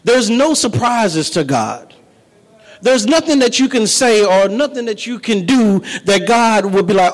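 A man preaching a sermon, turning his talk to the congregation and building up to shouting. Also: high voice, expressive, a little slow, big-room sound, low-quality recording.

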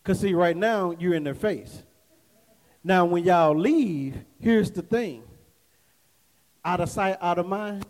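A man's voice: sits high, slow, long pauses, darkish tone. A male pastor preaching a sermon in a church, talking to the congregation like a neighbor and calling for "amen" as he goes. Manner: conversational preaching with call-and-response asides. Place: church sanctuary. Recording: echoey hall reverb.

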